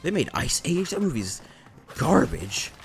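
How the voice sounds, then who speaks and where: A man's voice: medium pitch, animated, brisk, faint music behind. Rambling young man commenting on his gameplay. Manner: rambling, self-deprecating, swears often. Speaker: let's play gamer.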